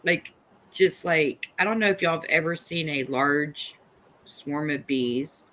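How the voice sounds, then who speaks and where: A middle-aged woman hosting a livestream, telling a story in a casual, animated and profane way. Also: low-pitched, takes it slowly. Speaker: livestream host.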